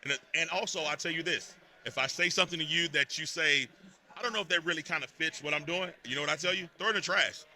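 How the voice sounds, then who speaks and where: A man from Texas, a podcast guest telling stories in a lively, emphatic way at a live event. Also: fairly high pitch, fast. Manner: animated storytelling, emphatic repetitions. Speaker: podcast network host, guest. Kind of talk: casual interview talk.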